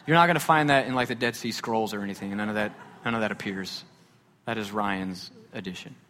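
A man preaching a sermon as pastor, talking in a conversational, animated way with joking asides. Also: on the low side, a little fast. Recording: reverberant hall.

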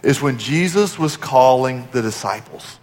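A man preaching a sermon as a pastor, asking the congregation questions and dropping to quiet emphasis on key points. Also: medium pitch, expressive, a little slow. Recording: long hall reverb.

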